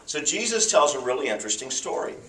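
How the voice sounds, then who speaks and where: A man preaching a sermon, telling a story with animated pitch swings. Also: quick pace, slight background noise. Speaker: pastor. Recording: echoey hall from far off.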